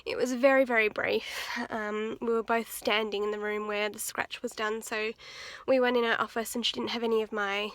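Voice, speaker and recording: A woman's voice: on the high side, flat delivery, normal speed, hardly any pauses, a bit bright, dry recording. A young woman chatting casually to her camera while out and about, with music behind her. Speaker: vlogger. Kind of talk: casual vlog narration. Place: car and outdoors in the street.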